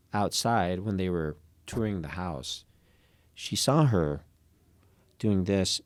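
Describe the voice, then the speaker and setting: A man who is a podcast guest and comedic performer, telling an anecdote in an animated way, often restarting phrases and laughing as he goes. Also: low voice, no echo.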